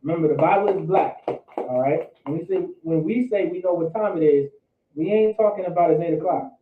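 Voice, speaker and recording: A man's voice: on the high side, a little fast. A man teaching a Bible study in a loose, slangy preaching style, often repeating words as he goes. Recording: echoey room, distant phone-like mic.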